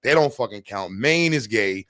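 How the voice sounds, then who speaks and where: A man's voice: fairly low pitch, animated, moderate pace, a bit bright, no echo, studio quality. A man from New York streaming live and chatting casually, joking, cursing and laughing often.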